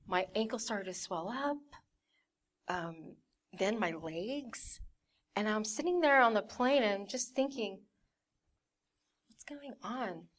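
A young woman, a church member, shares her personal testimony candidly in a medium-pitched, unhurried voice, imitating her family members' voices as she tells the story.

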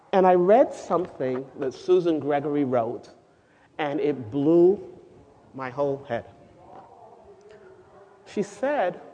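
A woman giving a sermon-style teaching to a group of women, lively and asking the audience questions. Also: sits low. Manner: animated, asks the audience questions, sings out quoted lines. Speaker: speaker at a women's gathering. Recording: dull lo-fi recording with long hall reverb.

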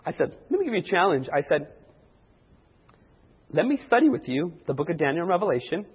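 A man preaches, sharing a personal testimony and acting out the voices of the people in his story. His voice is a little high with a breathy edge, brisk, with big pitch swings, in a dull lo-fi recording made in a reverberant hall.

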